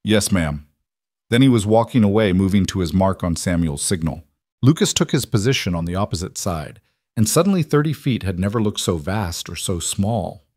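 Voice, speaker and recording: Low-voiced male story narrator. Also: a little fast, dry recording, clean studio sound. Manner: even, steady storytelling.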